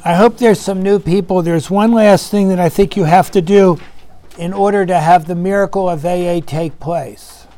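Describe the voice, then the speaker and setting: High-voiced man leading a recovery meeting. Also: darkish tone. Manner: earnest, conversational, asks the room questions; acts out voices in his story.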